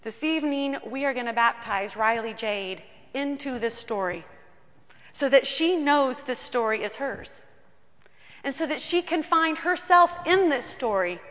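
A woman pastor preaches in a church, weaving personal stories into her sermon with earnest warmth. Her voice is bright and sits a little high. A long reverb hangs behind her words. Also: lively intonation, unhurried.

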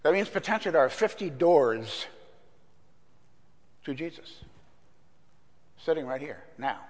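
An older man preaching a sermon in a church, telling a story in a relaxed, conversational way with fillers. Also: on the high side, measured pace. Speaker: pastor. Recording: long reverb in a church hall.

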